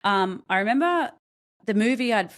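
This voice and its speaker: A young adult woman, a podcast guest telling her own story in a candid, halting way, with many ums and restarts. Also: medium pitch, lively intonation. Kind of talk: personal story told in an interview.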